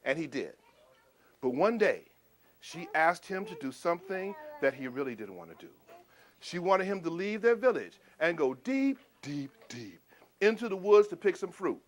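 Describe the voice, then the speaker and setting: Animated high-voiced male storyteller. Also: moderate pace. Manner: expressive, swings between booming shouts and hushed asides, talks to listeners. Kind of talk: animated folk tale telling to a live audience.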